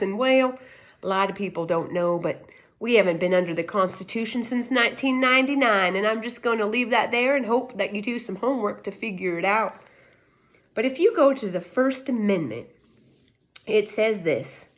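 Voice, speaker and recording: A woman's voice: on the high side, expressive, moderate pace. A middle-aged woman using a put-on Texas accent, speaking in a casual, emphatic monologue with rhetorical questions. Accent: Texas Southern US, put on. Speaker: self-made legal commentator. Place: home in California.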